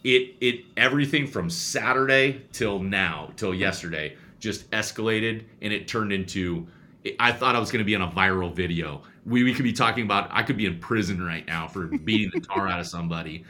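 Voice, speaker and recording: Deep-voiced coach, bright and animated. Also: male voice, brisk. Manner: animated storyteller, many restarts and repeats. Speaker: youth baseball coach. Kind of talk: casual chat.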